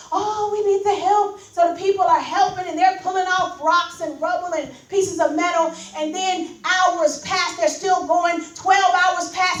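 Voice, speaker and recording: A woman preacher tells a story as a sermon, building into loud, sing-song preaching. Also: very high-pitched. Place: church. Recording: echoey church room from far off.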